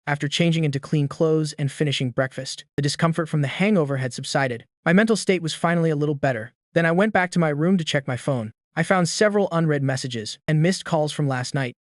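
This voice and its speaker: A man narrating a recap story in a steady reading voice. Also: a little high, dry recording, studio quality.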